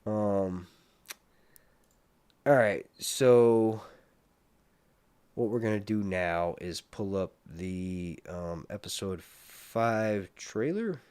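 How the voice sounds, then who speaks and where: A man hosting a casual livestream, rambling and animated, with muttered asides to himself. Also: on the low side, very slow, long pauses, clean tone, dry recording. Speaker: livestream host reviewing a TV series.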